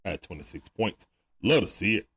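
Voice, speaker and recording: A man's voice: sits low, animated, normal speed, fairly bright tone, slightly rough. A man hosting a live sports watch party stream, talking casually with viewers through a sore throat and greeting them one by one with laid-back slang.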